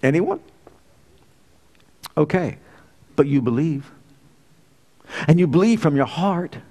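A middle-aged man delivers a sermon in a fairly high voice. He leans on rhetorical questions and swings from loud, ringing lines to hushed, quiet asides. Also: expressive, slow. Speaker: preacher.

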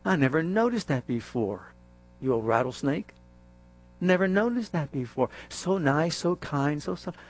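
A man voicing a dreamy, easily charmed young woman, soft and wondering, who leaps up high at times. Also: wildly swooping pitch, normal speed, exaggerated voice.

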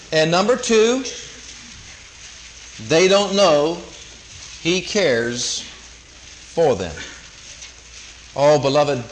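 A man's voice: a little high, a little hiss or hum, low-quality recording. A man preaching an emphatic sermon, repeating phrases and quoting scripture.

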